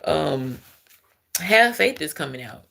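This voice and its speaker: A woman's voice: sits low, big pitch swings, slow, gravelly, noisy background. A woman giving a casual spiritual card reading. She is chatty, calls her listeners baby and keeps asking if they understand. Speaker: intuitive card reader.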